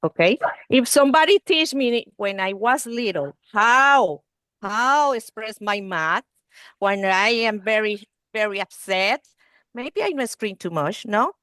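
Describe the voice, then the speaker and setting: A woman's voice: a little high, expressive, unhurried, fairly bright tone, no room sound, clean studio sound. Woman giving a teacher-training webinar. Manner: broken, non-native English grammar; checks in with "okay?" and "you see". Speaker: early learning trainer presenting to teachers. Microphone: video call.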